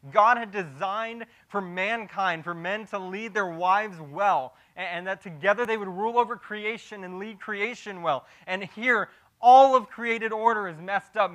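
A man preaching a sermon verse by verse, dropping to a hushed, grave tone and then rising to loud, animated emphasis, with frequent restarts and repeated words as he improvises. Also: high voice, low-quality recording. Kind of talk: expository sermon.

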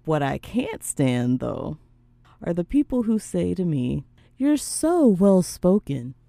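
A young woman from the American South hosting a casual podcast chat, animated and prone to mimicking other people's voices. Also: deep voice, unhurried, gravelly, no echo. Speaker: podcast host.

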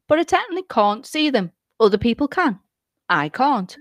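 Woman, middle-aged, lively guest chat, higher voice, dry recording. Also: fairly quick, no echo, muffled recording. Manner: lively, chatty, jokey with put-on quotes. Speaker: guest, celebrant and hypnotherapist. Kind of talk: casual chat.

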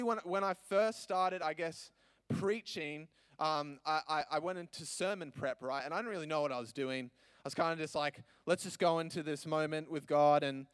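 A young man preaching as a youth pastor, earnest and animated, with many restarts and fillers. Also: fairly high pitch, clear, resonant tone, dry recording. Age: young adult. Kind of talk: sermon.

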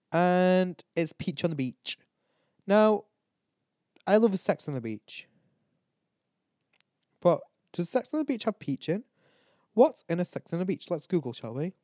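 A tipsy podcast host with a high-sitting, darkish voice ranks canned cocktails in loose, drunk conversation. The recording is dry and studio quality, and he rambles, swears a great deal, and laughs at himself.

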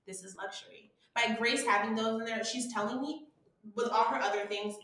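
An American woman chatting casually as a podcast co-host, animated and emphatic, often slipping into quoted voices. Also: a little high, fairly quick, heavy reverb. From United States. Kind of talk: casual chat.

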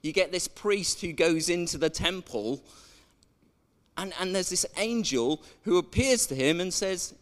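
A man's voice: high-pitched, lively intonation, unhurried. A man preaching a sermon in a chatty way, drawing in the congregation with questions. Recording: echoey church hall.

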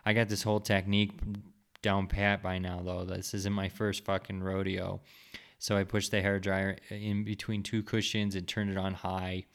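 Gravelly low-voiced man telling a story. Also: monotone, normal speed. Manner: candid, profane, self-mocking. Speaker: podcast host. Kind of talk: casual storytelling monologue.

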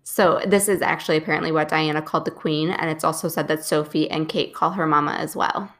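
A woman co-hosting a TV recap, asking thoughtful questions in a slightly halting way. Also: low-pitched, steady tone, fairly bright tone. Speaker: podcast co-host. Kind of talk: casual TV recap chat.

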